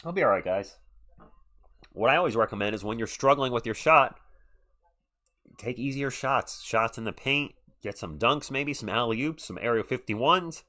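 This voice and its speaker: A man's voice: mid-range voice, expressive, normal speed, sharp tone. A man calling live play-by-play on a stream, chatty and answering viewers between calls. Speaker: live stream sports commentator. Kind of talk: live play-by-play and chat reactions.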